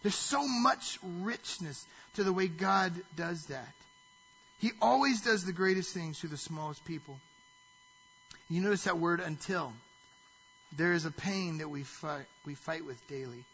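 A man preaching a sermon in a high, forceful voice with a husky edge. He reads scripture aloud and keeps stopping to ask the listeners rhetorical questions. The recording sounds dull and lo-fi. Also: expressive, unhurried. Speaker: pastor.

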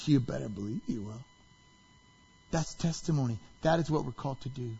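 A man preaching a sermon, dramatic, swinging between hushed lines and shouted quotes, with a husky voice. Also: mid-range voice, expressive, fairly quick, dull audio. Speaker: pastor.

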